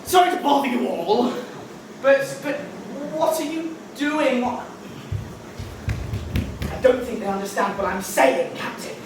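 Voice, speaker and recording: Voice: mid-range voice, animated, noisy background, lightly acted. A performer on stage playing an eager pirate crew member who teases the audience in a live comedy show. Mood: playful. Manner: playful, loud and slow to the crowd. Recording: echoey stage from far off.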